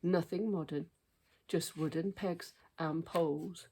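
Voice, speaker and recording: A woman's voice: lowish voice, steady tone, slow, mellow, breathy edge, exaggerated voice. A woman voicing a cheerful, proper mother who loves rustic camping, read aloud in a storybook. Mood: cheery.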